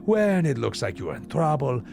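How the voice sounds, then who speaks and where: You're a man doing a bossy cat in a thick fake Italian accent, calling everyone "human"; keep it gravelly and theatrical over the music. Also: huge pitch swings, normal speed. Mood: boastful. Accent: mock Spanish-Italian. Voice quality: low, put-on hammy accent. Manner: theatrical, dramatic posing. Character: bossy pompous male sea-person cat, calls everyone human. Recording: game music under voice.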